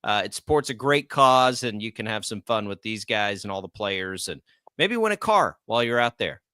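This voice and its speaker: A man hosting a sports radio show in casual, energetic talk, with an American accent. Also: lowish voice, normal speed, smooth, dry recording, studio quality. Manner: chatty, energetic, reads ad copy.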